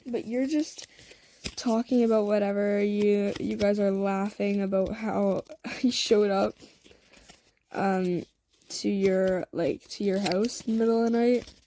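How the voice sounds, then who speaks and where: A young woman narrating a fan-made story in a casual, rambling way, full of fillers and asides and quick giggles. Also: medium pitch, steady tone, mellow, a little hiss or hum. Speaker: fan audio story creator.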